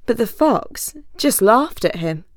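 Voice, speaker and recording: A woman narrating a fable in a measured, expressive storytelling manner. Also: a little high, dry recording, clean studio sound.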